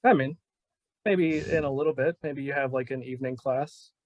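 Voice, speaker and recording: A man's voice: mid-range voice, steady tone, normal speed, a little mellow, no room sound, lo-fi sound. Easygoing male game master, mid-range voice, dry close sound. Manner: casual, laid-back, with frequent fillers and laughs. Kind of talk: narrating a tabletop game.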